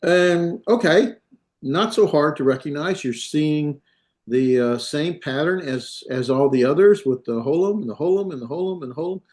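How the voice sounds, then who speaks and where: A man teaching a class, talking in a halting way with many fillers and self-corrections. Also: fairly high pitch, darkish tone. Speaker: instructor. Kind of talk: classroom lecture.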